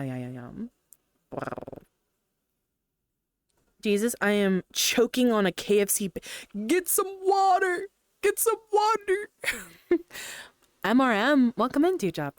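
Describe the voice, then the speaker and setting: A young woman chats casually on a live stream, laughing easily and greeting viewers by name. Her pitch swings up and down a lot. Her voice is smooth and clear, on a close, dry mic. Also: no room sound. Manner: chatty, giggly, greets chat by name. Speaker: VRChat streamer.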